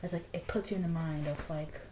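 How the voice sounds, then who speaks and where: Young woman, mellow lowish voice, rambly book-vlog chat, echoey room. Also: steady tone, brisk, slight background noise. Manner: rambling, full of "like" fillers. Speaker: book vlogger. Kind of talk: casual book review chat.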